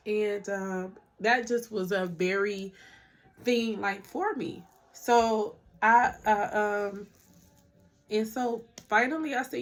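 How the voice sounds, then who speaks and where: A woman's voice: medium pitch, lively intonation, measured pace. Young woman, chatty faith vlog to a phone camera at home, emotional at times. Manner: chatty and heartfelt, addresses viewers as y'all. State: emotional, near tears at times. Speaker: vlogger. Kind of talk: casual faith testimony to camera.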